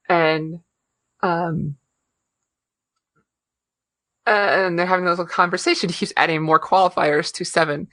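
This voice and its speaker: A woman co-host talks through a scene in a loose, chatty way, dropping fillers and small laughs. Her voice sits on the low side for a woman. The sound is dry and close, with no room around it. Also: fairly even intonation, measured pace, fairly bright tone, dry recording. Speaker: podcast co-host. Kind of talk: casual chat.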